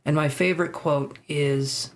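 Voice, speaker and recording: A man's voice: a little high, fairly even intonation, unhurried. A man hosting a tarot live stream, chatting casually with viewers, joking, laughing and swearing freely.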